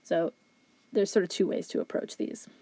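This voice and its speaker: A woman's voice: moderate pace, warm tone, no room sound. A woman teaching logic, methodically working through exam questions step by step and thinking aloud in a recorded lecture. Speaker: philosophy instructor.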